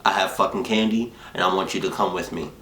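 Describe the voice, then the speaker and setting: A man's voice: sits low, fairly even intonation, fast, fairly bright tone. A man putting on a crude, growly fake-pirate voice to play a creepy grown man luring kids. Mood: crude pushy. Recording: echoey room.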